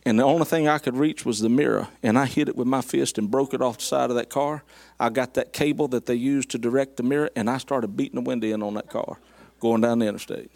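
Gravelly preacher telling stories. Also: male voice, medium pitch, quick pace, no echo. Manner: folksy, animated storyteller with southern address. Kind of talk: storytelling sermon.

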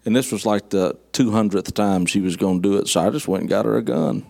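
A man's voice: lowish voice, fast talker, vocal fry, darkish tone. Folksy man preaching with wry humor. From southern United States. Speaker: guest preacher. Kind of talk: sermon.

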